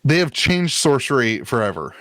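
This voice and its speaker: A man's voice: medium pitch, big pitch swings, normal speed, a bit bright, dry recording. Rambling man on a card game podcast. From Ohio. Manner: rambling, filler-heavy, jokey. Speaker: podcast co-host. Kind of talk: casual chat about trading card games.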